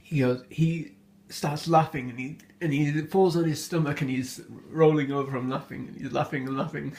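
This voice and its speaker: A man's voice: fairly high pitch, steady tone, moderate pace, a little mellow. A man casually retelling an old folk tale, hesitant and full of fillers, often amused by his own story.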